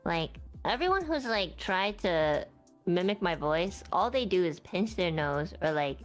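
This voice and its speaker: A woman's voice: fairly low pitch, expressive, a little slow, soft background music. A woman from Canada chatting on a stream collab, rambling and earnest, full of "like". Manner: rambling, lots of likes, earnest. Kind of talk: casual stream chat.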